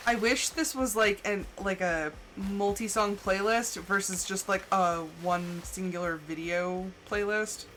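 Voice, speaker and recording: A woman game streamer chats casually with her viewers on a live stream, telling stories with laughs and animated quoted voices between bits of play. Her medium-pitched voice keeps a measured pace with hardly any pauses, over slight background noise.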